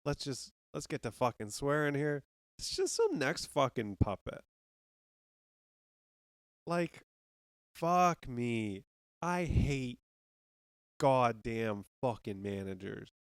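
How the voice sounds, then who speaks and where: A man's voice: mid-range voice, big pitch swings, slow pace, pauses often, clear, resonant tone, no echo, clean studio sound. A man hosting a podcast, ranting casually about baseball with heavy swearing and rambling restarts. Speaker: podcast host. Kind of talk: casual sports rant.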